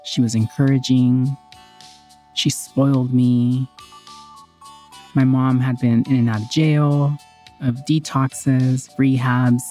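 A woman's voice: very deep voice, level tone, slow, long pauses, warm tone, faint music behind. Heartfelt woman telling her own story. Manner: candid, heartfelt, conversational. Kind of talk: personal storytelling.

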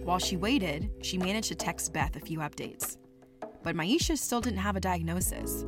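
A woman giving measured scripted narration for a podcast. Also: fairly low pitch, lively intonation, music in the background.

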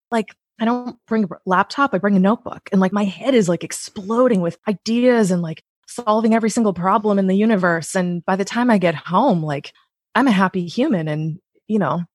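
A woman in her thirties, a podcast guest, talking in a chatty, animated way with lots of "like.". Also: mid-range voice, slightly rough, dry recording, clean studio sound. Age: 30s. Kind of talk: casual interview chat. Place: Maui, Hawaii.

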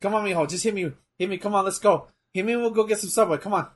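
A man's voice: high-pitched, racing, breathy edge. A man voicing an older male wrestler who coaxes and goads a younger man in a wheedling way. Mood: coaxing. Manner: wheedling, cajoling. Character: coaxing older male wrestler, goading nephew.

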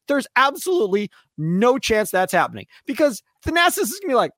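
A man co-hosting a sports radio show, ranting excitedly and slipping into mock voices of players. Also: very high-pitched, fast, hardly any pauses, dry recording, studio quality. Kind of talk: animated sports radio rant.

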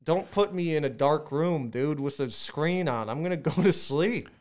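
A man's voice: a little high, expressive, moderate pace, darkish tone. A man co-hosting a podcast, telling a rambling, profane story in casual chat. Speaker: podcast co-host.

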